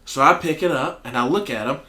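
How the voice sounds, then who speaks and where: Profane Southern storyteller, echoey room. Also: male voice, on the high side, quick pace. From American South. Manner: profane, animated storyteller acting out quotes. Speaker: podcast co-host. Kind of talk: casual storytelling chat.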